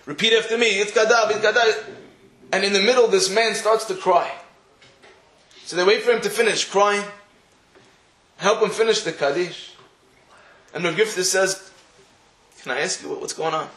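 Man, high voice, storytelling sermon, echoey room. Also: moderate pace, pauses often, bright, forceful tone. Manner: storytelling, acting out the dialogue. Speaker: rabbi giving a talk.

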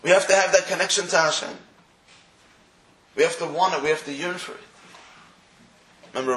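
High-voiced man preaching in an echoey room. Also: fairly bright tone. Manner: storytelling, acts out quoted voices; mixes Hebrew and Yiddish terms. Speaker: religious speaker. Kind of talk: sermon. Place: room in England.

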